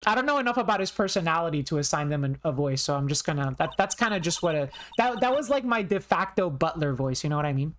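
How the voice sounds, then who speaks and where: A woman's voice: low voice, expressive, fast talker, hardly any pauses. A woman streamer chatting casually and rambling about the game she is playing. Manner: rambling, self-interrupting. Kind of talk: casual gameplay commentary.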